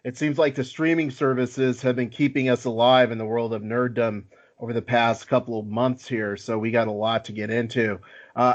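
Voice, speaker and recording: A man hosting a casual podcast chat, easygoing and self-deprecating, with lots of filler words. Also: medium pitch. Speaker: podcast host. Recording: slightly dull lo-fi audio.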